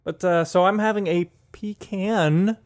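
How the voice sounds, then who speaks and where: A man co-hosting a casual podcast, chatty and quick to laugh at his own jokes. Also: fairly high pitch, expressive, darkish tone. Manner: chatty, laughs often, self-deprecating jokes. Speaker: podcast co-host. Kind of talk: casual chat.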